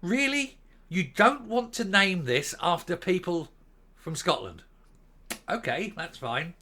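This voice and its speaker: A Northern Irish man ranting through his own commentary, blunt and scornful, with a sarcastic edge and the odd swear word. His voice sits a little high and swings up and down a lot. The tone is bright and sharp. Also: very animated, takes it slowly, a little hiss or hum. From Northern Ireland. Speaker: host of a political commentary channel.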